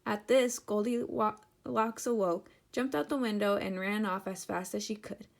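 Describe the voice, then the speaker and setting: A woman teacher giving an interactive children's read-aloud, speaking directly and warmly to the kids. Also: medium pitch, a little slow, vocal fry.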